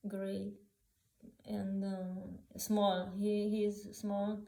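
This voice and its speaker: A woman telling personal memories unscripted, halting with many restarts, fillers and non-native grammar. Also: mid-range voice, level tone, gravelly, mellow, reverberant, low-quality recording. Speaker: author sharing personal memories.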